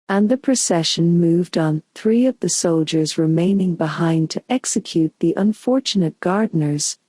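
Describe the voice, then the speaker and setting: Slow, soothing woman narrator. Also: lowish voice, dry recording. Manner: calm, soothing and unhurried. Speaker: audiobook narrator. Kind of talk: soothing bedtime story narration.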